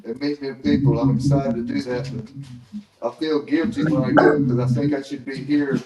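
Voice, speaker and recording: A man's voice: medium pitch, steady tone, moderate pace, a little mellow, slight background noise, low-quality recording. A man hosting a casual live-stream chat, rambling and correcting himself as he goes. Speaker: host.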